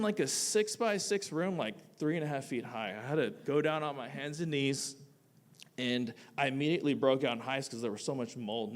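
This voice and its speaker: A man, a teacher, telling a personal story live on a theatre stage, animated and casual, swinging between loud bursts and quiet asides. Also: medium pitch. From United States. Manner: casual, with frequent "like" fillers.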